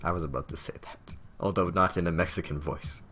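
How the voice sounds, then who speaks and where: A man's voice: low-pitched, steady tone, brisk, fairly bright tone, a little hiss or hum. A man casually commentating on a video game, joking and making playful asides. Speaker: let's play host.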